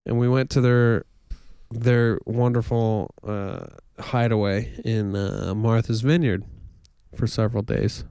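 A man co-hosting a podcast in casual chat, joking around in a playful deadpan way. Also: mid-range voice, slow pace, vocal fry, clear, resonant tone, no echo, clean studio sound. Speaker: podcast co-host. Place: houseboat cabin.

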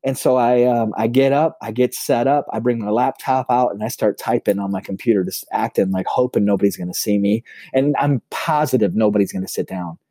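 A man, a pastor, telling personal stories in a relaxed conversation. He restarts his phrases often. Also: brisk, few pauses, no echo. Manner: lively storyteller who restarts his phrases; self-described high extrovert. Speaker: pastor and podcast guest. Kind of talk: personal storytelling in casual conversation.

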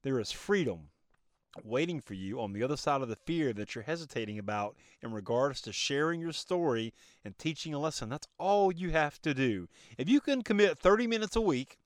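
Man, podcast host, preachy motivational monologue, slightly high voice, dry close phone sound in a car, throat a bit choked. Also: animated, brisk, dry recording. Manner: preachy, emphatic, asks himself rhetorical questions. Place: in his car.

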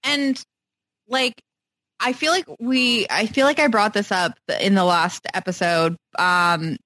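A woman's voice: medium pitch, steady tone, a little slow, pushed and bright, no echo. A woman co-hosting a podcast, recapping a reality show in a casual, chatty way full of fillers and restarts. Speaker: podcast co-host.

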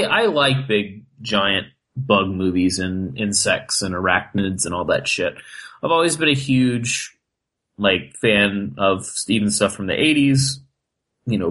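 A man's voice: fairly low pitch, expressive, measured pace, fairly bright tone, low-quality recording. A man co-hosting a podcast in loose casual chat, swearing a lot and filling his talk with "like". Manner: loose, heavy swearing and filler "like". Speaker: podcast co-host.

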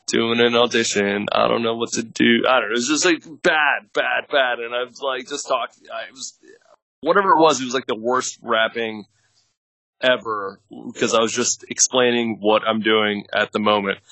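Guesting on a podcast, this actor and producer in his thirties rambles through casual stories with lots of fillers and laughs. His mid-range voice sounds gravelly, pushed and bright. There's no room sound, and the recording quality is low.

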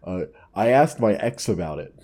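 A man with a slightly low voice, reading posts aloud in a wry, deadpan way and riffing on them between quotes. He sounds like a comedy podcast co-host in easy conversation. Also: moderate pace. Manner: dry, wry, reads quotes aloud in a mock voice.

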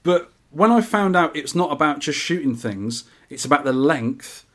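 A man's voice: a little high, lively intonation, normal speed, fairly bright tone. A man hosting a podcast, explaining how an arcade game works in a laid-back, joking way. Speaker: podcast host. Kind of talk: casual podcast chat.

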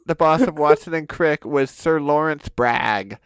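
A man's voice: on the high side, measured pace, smooth, no room sound. Giggly man co-hosting a comedy podcast. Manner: giggly, lots of laughing. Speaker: podcast co-host. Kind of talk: joking history chat.

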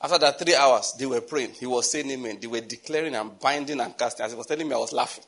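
A man with a Nigerian accent preaching a storytelling sermon, animated, with pidgin phrases mixed in. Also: mid-range voice, fast talker. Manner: animated, laughing asides, mixes in pidgin.

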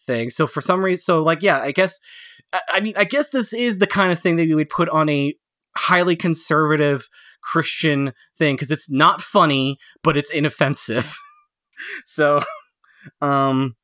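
A man's voice: on the high side, normal speed, bright, forceful tone, no echo, clean studio sound. A man co-hosting a podcast, chatting casually about cartoons, laughing often and rambling with lots of fillers. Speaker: podcast co-host. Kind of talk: casual chat reviewing cartoons.

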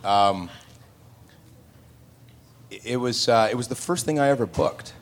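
A man's voice: mid-range voice, measured pace, a little hiss or hum. A man on a convention panel telling anecdotes, acting out other people's voices as he goes. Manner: animated anecdotes with acted-out voices. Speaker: panel guest actor.

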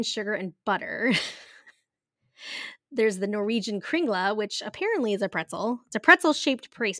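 A woman's voice: mid-range voice, a bit bright, dry recording, clean studio sound. A woman in her thirties chatting casually as a podcast co-host, giggly and full of fillers. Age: 30s. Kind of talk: casual chat.

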